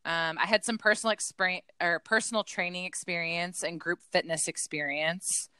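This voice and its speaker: A woman co-hosting a casual fitness podcast, her voice bright and forceful with a smooth, crisp tone. She tells her story earnestly, slipping into quoted lines of her past self. The sound is dry and close, with no room around it. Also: fairly low pitch, steady tone, normal speed, no room sound. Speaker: podcast co-host, fitness coach.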